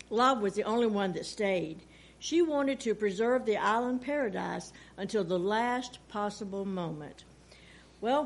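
A woman reading a fable aloud at home, gently, with soft voices for the characters. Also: fairly high pitch. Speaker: storyteller.

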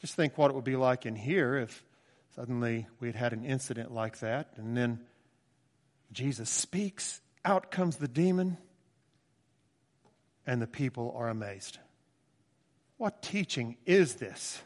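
A man's voice: mid-range voice, animated, measured pace, pauses often. A man in his sixties preaching a conversational, emphatic sermon with asides in a church. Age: 60s. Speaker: pastor. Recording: long church reverb.

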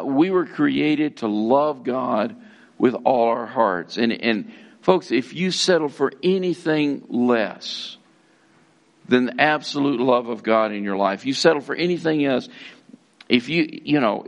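A middle-aged man delivers a sermon with a gravelly edge to his voice. He preaches earnestly, piling up repeated words for emphasis and calling his congregation folks. His pitch sits at an ordinary middle level for a man. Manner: addresses listeners as folks, occasional restarts. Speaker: pastor.

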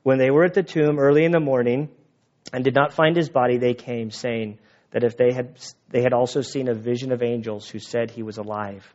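A man's voice: medium pitch, steady tone, fairly quick, a little mellow, muffled recording. A man preaching a sermon, retelling scripture casually and playfully, acting out lines of dialogue. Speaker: pastor.

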